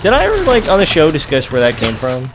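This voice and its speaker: A man co-hosting a let's play, talking in halting, stammering restarts. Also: a little high, wildly swooping pitch, background noise. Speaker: co-host.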